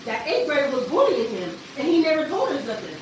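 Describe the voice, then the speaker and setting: A woman's voice: high voice, fairly quick, background noise. A woman, a mother venting on a casual livestream and cussing often. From Houston, Texas. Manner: animated, frequent cussing and laughing. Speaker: vlogger and mother.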